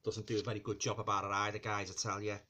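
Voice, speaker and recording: A man's voice: lowish voice, flat delivery, fast, sharp tone. A man giving a casual movie review for his viewers. He rambles, restarts phrases and fills gaps with "you know" and "and that", often calling his audience guys. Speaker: film reviewer.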